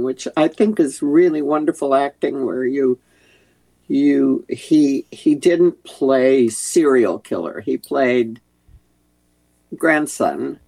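Older actress guest, gravelly, meandering and full of restarts. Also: female voice, rumbling low. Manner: warm, rambling, many restarts. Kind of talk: casual interview chat.

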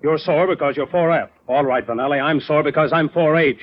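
A stern older company boss who lectures with cutting sarcasm, as an actor plays him in a 1940s radio drama. His voice sits a little high and sounds husky. It comes through on a dull, lo-fi old broadcast. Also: brisk, lightly acted.

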